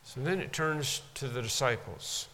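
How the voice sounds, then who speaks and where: Forceful and bright, this mid-pitched male voice moves at an unhurried pace while preaching on a Bible passage. Emphasis comes through repetition, and the sound carries a long hall reverb.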